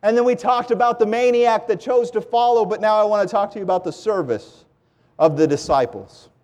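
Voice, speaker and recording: A man preaching a sermon with passion, his voice climbing into loud pleading and dropping to hushed lows. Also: fairly quick. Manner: impassioned, swings from loud pleading to low hushed.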